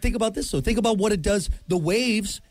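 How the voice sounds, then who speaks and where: A man's voice: sits high, fairly quick, dry recording. An American man hosting a radio show, joking and rambling in casual banter. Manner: joking, rambling, with frequent impressions. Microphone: studio microphone.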